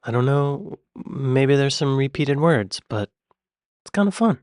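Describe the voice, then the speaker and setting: American man, reaction host, relaxed musing commentary, dry close recording. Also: mid-range voice, unhurried, clear, resonant tone, no room sound. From United States. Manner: curious, thinking aloud, amused.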